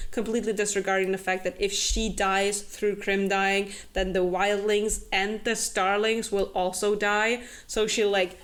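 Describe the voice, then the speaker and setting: A young woman hosts a casual book club chat, recapping a fantasy novel with sarcastic asides. Her medium-pitched voice has a flat delivery though she talks animatedly, filling pauses with fillers.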